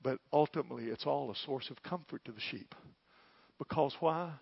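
A man preaching a sermon, with an impassioned delivery that swells to loud peaks. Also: medium pitch, moderate pace, creaky, husky, no room sound, highs cut off.

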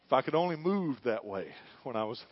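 A middle-aged male pastor preaching a sermon in church, moving between quiet, hushed lines and loud, fervent calls. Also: mid-range voice, very animated, a little fast, no echo, highs cut off. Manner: preaching, swings from hushed to shouting.

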